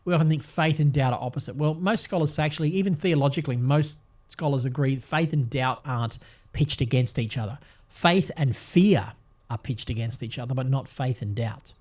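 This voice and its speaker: An older man hosting a devotional podcast, talking in an earnest, reflective way with gentle restarts. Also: medium pitch, fairly quick. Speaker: podcast host and Bible teacher.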